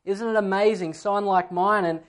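A man's voice: sits high, steady tone, brisk. A man, preaching a sermon and telling stories, acting out a child's voice at times. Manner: storytelling, acts out a child's voice in anecdotes. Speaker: pastor.

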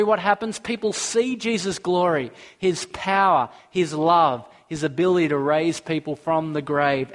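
A man's voice: sits high, a bit bright. A man preaching a sermon, earnest, asking the listeners questions and reading scripture aloud.

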